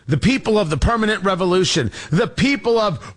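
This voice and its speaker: A talk radio host delivers an impassioned, sarcastic political monologue in a high voice. His pitch leaps and dives all over the place as he presses his points, and he is fiery and cutting throughout. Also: big pitch swings, moderate pace.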